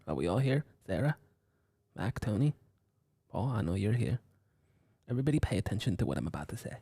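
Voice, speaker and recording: A man voicing a self-important male businessman who talks down to his crew in a low, hushed voice. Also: creaky, slightly rough, no room sound, studio quality, exaggerated voice. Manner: low, hushed, patronizing third-person talk.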